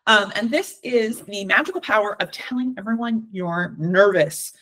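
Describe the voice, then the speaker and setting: A woman's voice: mid-range voice, animated, normal speed, a bit bright. A woman from Southern California with a Valley Girl accent, giving an encouraging, chatty workshop talk with frequent ums. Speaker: workshop speaker.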